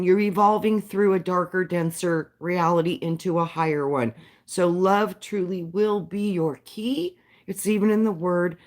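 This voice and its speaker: A woman hosting a livestream, talking to her viewers in a heartfelt, spiritual way. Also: lowish voice. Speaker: livestream host. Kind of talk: casual livestream chat with viewers.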